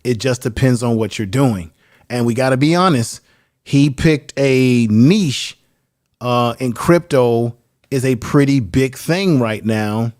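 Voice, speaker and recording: A man's voice: medium pitch, takes it slowly, a little mellow. Tired man giving earnest advice. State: a little tired. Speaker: guest YouTuber. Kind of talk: casual live stream chat.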